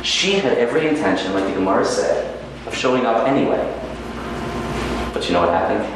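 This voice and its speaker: A man teaching Talmud in an animated, storytelling way, his pitch leaping up and down as he drives each point home. He mixes in Hebrew quotations. The sound is very echoey, with a faint hum of ambient noise behind him. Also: a little fast. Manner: lively storytelling with Hebrew quotes and acted asides. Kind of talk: animated Torah lecture.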